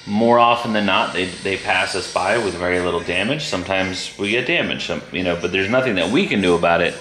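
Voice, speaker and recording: A man, chatting casually at home as a family vlogger, relaxed and rambling. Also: sits low, a little fast, slight background noise. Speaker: vlogger and father. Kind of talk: casual chat.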